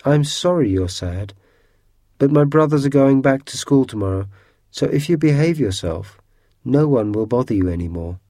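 A man's voice: mid-range voice, lively intonation, normal speed, warm tone, no room sound, studio quality, voice pushed up. A man voicing a brave, kind young girl in a storybook, speaking firmly and scolding. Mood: cautious. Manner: firm and scolding.

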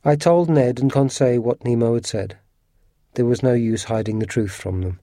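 A man reading a storybook aloud as its first-person narrator, in a steady, earnest manner. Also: medium pitch, moderate pace, dry recording, studio quality.

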